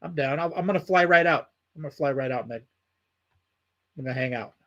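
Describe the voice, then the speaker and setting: A man's voice: fairly high pitch, a little fast, a bit bright, dull audio. A man hosting a livestream, chatting casually and reading out viewer comments, with loose, heavily profane talk. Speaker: livestream host.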